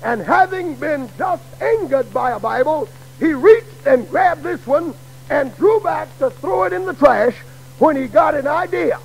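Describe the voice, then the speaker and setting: A middle-aged man preaching a sermon in a dramatic way that builds to shouts, on an old radio broadcast. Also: very high voice, creaky, low-quality recording.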